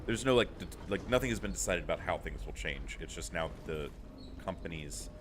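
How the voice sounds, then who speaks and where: A man's voice: deep voice, lively intonation, a little fast, background noise. A man co-hosting a game stream, reading out viewer comments and making dry, self-deprecating jokes. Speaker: guest co-host on a game stream. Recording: stream audio with game music behind.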